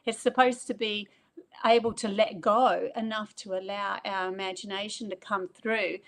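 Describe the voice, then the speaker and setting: A woman speaks as an interview guest, telling a spiritual anecdote with lively energy. She acts out what people said, her voice leaping high for the quotes. Her voice sits at an ordinary middle pitch. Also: normal speed. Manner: animated, acts out quoted remarks with big pitch jumps. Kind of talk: spiritual storytelling in conversation.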